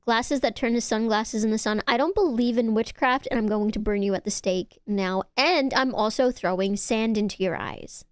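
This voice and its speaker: A young woman with a fairly high voice chats with her viewers on stream, teasing them and cursing freely as she reads their messages out. Her voice comes through a close mic in a dry room. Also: normal speed, hardly any pauses, clean tone, no echo. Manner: excitable, teasing, swears, reads chat aloud. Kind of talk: casual chat stream.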